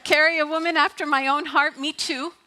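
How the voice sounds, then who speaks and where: A woman's voice: high-pitched, fairly even intonation, a little fast, pushed and bright. Chatty, playful woman minister preaching. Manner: conversational, playful, laughs often. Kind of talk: sermon. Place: church sanctuary.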